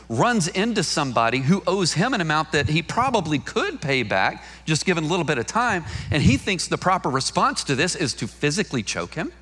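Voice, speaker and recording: A man's voice: medium pitch, bright, forceful tone. Guy pastor giving a sermon, chatty storytelling, voice jumps up and down a lot. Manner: conversational, jokey storytelling with emphatic repeats.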